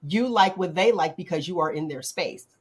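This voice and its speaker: A middle-aged woman hosting a casual talk show, animated and acting out quotes in playful voices. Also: on the low side, moderate pace, husky. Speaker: podcast host. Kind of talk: casual chat.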